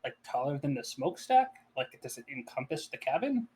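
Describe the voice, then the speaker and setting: A man's voice: medium pitch, sing-song, fairly quick, a little mellow, slightly rough. A man playing a character in a tabletop game, joking and sometimes dropping into whispered asides. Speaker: player. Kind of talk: in-character tabletop role-play.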